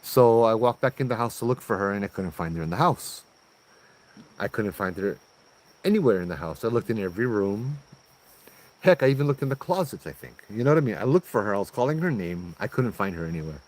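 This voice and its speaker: A man's voice: fairly low pitch, sing-song, a little fast, darkish tone. A man with a Hawaiian accent casually telling a ghost story in a laid-back, chatty way, full of island slang, outdoors under a tree.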